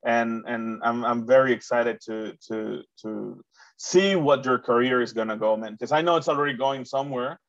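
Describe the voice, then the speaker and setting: A man's voice: mid-range voice, moderate pace, dry recording, highs cut off. A man from Mexico interviewing a guest in casual chat, rambling with many restarts. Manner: rambling, many restarts, acts out quoted voices.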